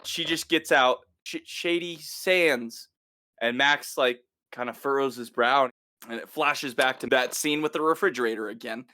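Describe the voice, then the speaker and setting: Male co-host, bright forceful voice, lively play-by-play recap, drops into quick impressions. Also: mid-range voice, no echo, studio quality. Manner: animated retelling, acts out the characters' lines. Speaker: podcast co-host. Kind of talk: casual recap chat.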